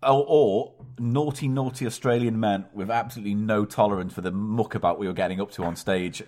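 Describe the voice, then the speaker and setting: A man's voice: lowish voice, steady tone, fast talker, darkish tone. A man co-hosting a comedy podcast, chatting in a playful, bantering way. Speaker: podcast co-host. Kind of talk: casual comedic chat.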